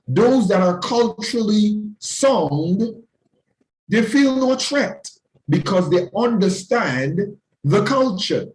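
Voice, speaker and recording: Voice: mid-range voice, darkish tone. A talk show host telling an earnest anecdote about cultural misunderstanding, explaining with vivid everyday examples. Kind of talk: storytelling commentary on culture. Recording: roomy echo.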